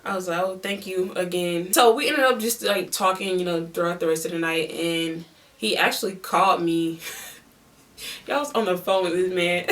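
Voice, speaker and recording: A woman telling a storytime vlog in an animated, chatty way, laughing often. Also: medium pitch, recorded from a distance. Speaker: vlogger.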